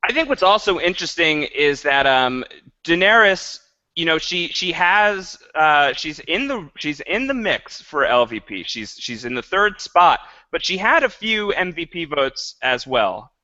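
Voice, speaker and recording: A man's voice: a little high, big pitch swings, a little slow, bright, forceful tone, no room sound. A man co-hosting a podcast in casual chat, playful and mock-dramatic. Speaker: podcast co-host. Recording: dull lo-fi podcast audio.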